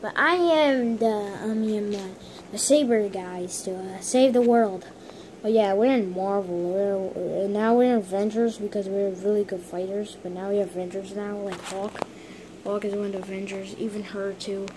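A woman's voice: medium pitch, normal speed, background noise. A woman casually role-playing characters while gaming, with playful, dramatic trash talk.

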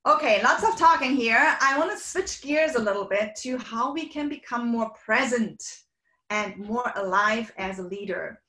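A woman from Sweden and Germany, a communication coach, talking quickly and at length in an online workshop and playing with her voice. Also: a little high, animated, pushed and bright, reverberant. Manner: fast and talkative, playfully demonstrates vocal variety. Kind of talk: energetic online workshop talk. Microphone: video call.

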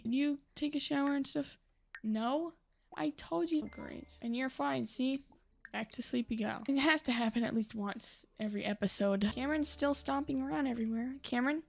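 A woman's voice: high-pitched, moderate pace, vocal fry. A young woman hosting a gaming channel, chatting casually through her gameplay and talking to the characters on screen. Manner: chatty, talks to the game characters, scolds them.

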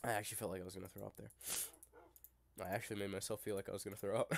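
A man's voice: on the low side, little pitch movement, very fast, gravelly, a little hiss or hum. A young man chatting casually while playing a video game, teasing his friend crudely and laughing often. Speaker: gamer. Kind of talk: casual gaming chat.

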